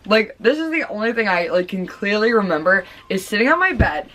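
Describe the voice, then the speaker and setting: A woman's voice: mid-range voice, sing-song, brisk, a bit bright. A young adult woman telling a storytime vlog in a chatty, casual way, full of "like" and "oh my god". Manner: chatty, lots of "like" and "oh my god" gasps. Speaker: vlogger.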